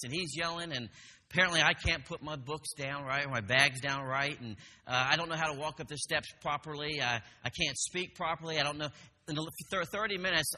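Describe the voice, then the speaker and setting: A man's voice: a little high, sharp tone, big-room sound. A middle-aged man telling a self-deprecating personal story as a church testimony sermon. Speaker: church speaker and military veteran. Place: church hall.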